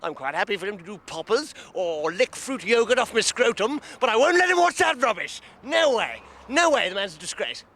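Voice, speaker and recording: A man's voice: sits high, big pitch swings, a little fast, hardly any pauses, pushed and bright, exaggerated voice. A comedian voicing a self-righteous, prudish male protester with an indignant, huffy manner. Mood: pompous. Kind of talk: sketch comedy.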